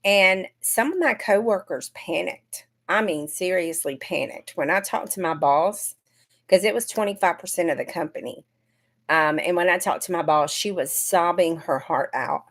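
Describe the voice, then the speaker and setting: Brief: middle-aged woman, lowish voice, chatty livestream host who talks straight to her viewers. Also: moderate pace, a bit bright. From Georgia, US. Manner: chatty, greets viewers by name. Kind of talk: casual livestream chat.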